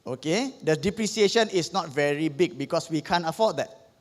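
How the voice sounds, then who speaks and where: A man's voice: on the high side, animated, moderate pace. A man with a Singaporean English accent giving an economics revision lesson, explaining step by step and checking in with "okay?" after most points. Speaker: economics tutor. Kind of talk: revision lecture. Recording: long hall reverb.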